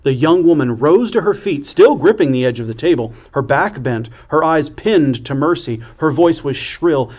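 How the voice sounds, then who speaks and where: A man, a priest, reading a children's storybook aloud in a slow, expressive way. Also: fairly high pitch, dull audio.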